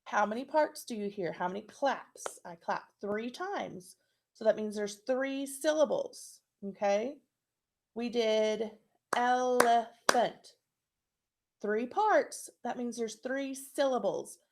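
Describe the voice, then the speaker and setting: A woman with a fairly high voice gives a recorded phonics lesson to young children. She speaks slowly and patiently and spells each word out letter by letter. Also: a little mellow, slight background noise. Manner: slow, patient, spelling out letters and clapping syllables. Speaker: teacher.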